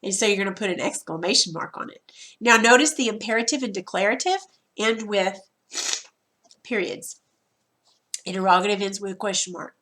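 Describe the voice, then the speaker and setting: A woman's voice: medium pitch, normal speed, long pauses, pushed and bright. A woman teacher talking students through a recorded grammar lesson, chatty and informal, repeating herself and restarting as she explains.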